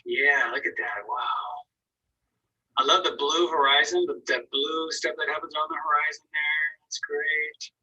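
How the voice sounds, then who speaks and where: A man's voice: on the high side, fairly even intonation, measured pace, sharp tone, breathy edge, far from the mic, lo-fi sound. A man teaching an online painting class, giving casual, encouraging critiques of students' work and thinking aloud as he goes. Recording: voice from away from the mic.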